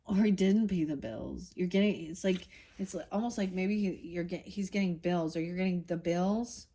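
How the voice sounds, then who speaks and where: A woman's voice: fairly low pitch, moderate pace, warm tone, breathy edge. Blunt, fired-up woman reading tarot. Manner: heated and blunt, swears, rambling with restarts. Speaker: tarot reader.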